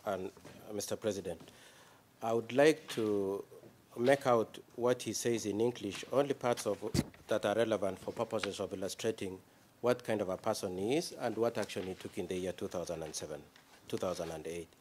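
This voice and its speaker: A man speaking as defence counsel in a courtroom, addressing the judges formally and reading quoted passages aloud in a measured way. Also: mid-range voice, a little mellow.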